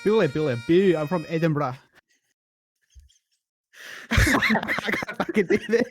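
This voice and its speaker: Man doing a mock Scottish voice, high pitch, bouncy intonation, laughing. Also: expressive, moderate pace, dark tone. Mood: joking. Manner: laughing, breaking character. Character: man faking a Scottish accent, joking. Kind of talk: casual chat.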